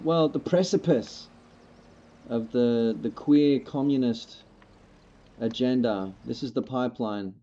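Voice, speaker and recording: A man's voice: mid-range voice, mellow. A man livestreaming a farming game, chatting casually with viewers in a laid-back, rambling, joking way. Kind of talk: casual gameplay chat with viewers. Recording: slightly muffled lo-fi mic.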